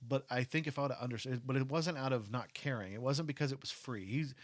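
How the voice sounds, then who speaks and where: A man in casual conversation, telling an animated story with lots of filler words, recorded at home. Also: medium pitch, fast talker, dry recording. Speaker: co-host. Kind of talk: casual chat.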